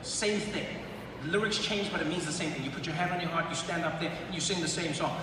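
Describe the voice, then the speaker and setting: A man doing stand-up comedy on stage in a large arena, animated and slipping into voices and sung bits. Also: on the high side, fast. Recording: echoey arena from far off, noisy. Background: crowd laughter.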